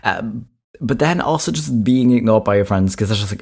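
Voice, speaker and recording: A man with a lowish voice reacts to short clips in a relaxed, chatty way. He sounds exasperated and often repeats words for emphasis. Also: moderate pace, gravelly, slightly rough. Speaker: reaction video host. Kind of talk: casual commentary on clips.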